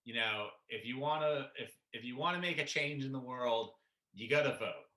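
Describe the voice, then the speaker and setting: A man's voice: medium pitch, normal speed, pushed and bright. A man hosting a casual debate show, joking and rambling as he steers the talk. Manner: joking, rambling, laughs often. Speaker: host. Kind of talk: casual chat. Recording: roomy echo.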